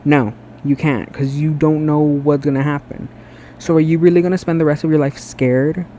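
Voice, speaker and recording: Chatty, sassy male vlogger, a bit high and mellow, earnest ramble, phone mic in a bathroom. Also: fairly even intonation, normal speed, a little hiss or hum. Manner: chatty and sassy, lots of "girl" and "like"; emotional and earnest, self-described sensitive. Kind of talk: casual rambling monologue to camera. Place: bathroom at home. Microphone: phone camera.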